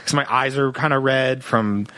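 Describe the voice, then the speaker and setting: A young man on a comedy podcast, telling a long personal story in an animated, joking way and acting out the people in it. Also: mid-range voice, moderate pace, no room sound. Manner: animated storyteller, acts out quoted voices. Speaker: podcast co-host.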